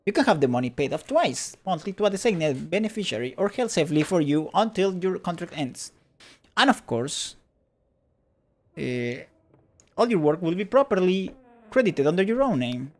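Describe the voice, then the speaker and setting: A man's voice: high voice, sing-song, normal speed. A man voicing a rehearsed, bureaucratic female receptionist who trills in a sing-song way while he reads game dialogue aloud. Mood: chirpy.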